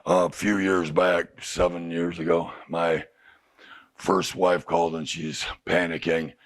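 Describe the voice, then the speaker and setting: A middle-aged addiction counselor speaks frankly to clients in a recovery house group room, frequently posing rhetorical questions. His voice is deep and flat, and he talks slowly.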